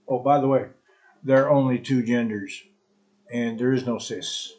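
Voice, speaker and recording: A man's voice: medium pitch, steady tone, measured pace, a little mellow, poor audio. A man hosting his own live stream podcast alone, talking in a crude, profane, rambling and sarcastic way. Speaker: podcast host. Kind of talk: solo live stream chat.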